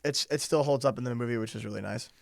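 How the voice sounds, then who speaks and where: A man's voice: medium pitch, fast, creaky, no room sound, studio quality. A young man co-hosting a podcast in casual chat. He talks in long, run-on asides and laughs easily. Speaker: podcast co-host.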